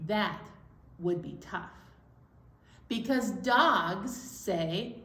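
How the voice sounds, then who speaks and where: A children's librarian leading a story time poem, coaxing listeners to join in with animal sounds. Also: female voice, mid-range voice, big pitch swings, slow pace, vocal fry, fairly bright tone. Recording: echoey room.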